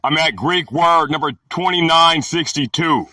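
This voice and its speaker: A man teaching a Bible word-study lesson, talking haltingly with many filler pauses. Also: a little high, bright, forceful tone, no room sound, clean studio sound, distant mic.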